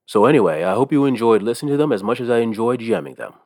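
A podcast host giving a relaxed, chatty introduction and thanking his supporters. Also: mid-range voice, very fast, dry recording, studio quality.

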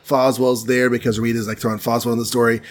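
A man's voice: medium pitch, little pitch movement, fast. Man casually retelling a comic story. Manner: rambling, jokey, full of fillers.

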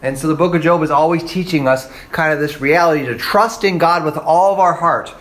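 A man's voice: fairly high pitch, fairly quick, a bit bright. A man preaching a sermon in a conversational way, often checking in with listeners and acting out the voices of the people he quotes. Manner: checks in with "right?" and "okay?". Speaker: pastor.

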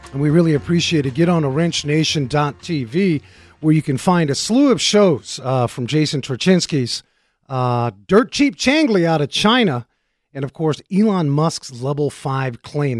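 A man hosting a car talk radio show, joking in an energetic, talkative way. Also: a little high. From Arizona.

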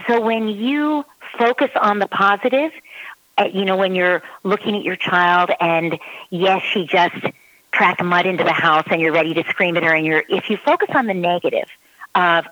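A woman's voice: lowish voice, normal speed, fairly bright tone, no room sound, poor audio. Woman parenting expert, dry close sound. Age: adult parent. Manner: acts out a child's voice in quotes. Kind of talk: casual advice talk.

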